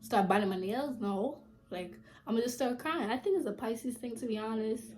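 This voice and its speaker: A young woman vlogger telling a storytime in a casual, blunt way. Her voice sits fairly high, and she swears freely. She acts out what people said, with sudden loud bursts. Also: a little fast. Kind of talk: storytime vlog.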